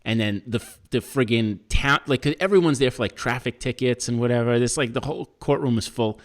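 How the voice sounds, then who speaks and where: With a mid-range voice and a fairly quick pace, this podcast co-host animatedly recounts a story in casual conversation. He voices what other people said and frequently swears and laughs.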